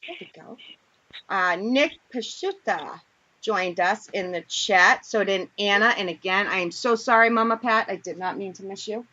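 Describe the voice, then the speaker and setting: A woman's voice: mid-range voice, normal speed, pushed and bright. A woman hosting a casual internet radio chat show, joking around and reading out chat comments. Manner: joking, chatty, reads chat comments aloud. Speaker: podcast host. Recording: dull lo-fi internet radio audio.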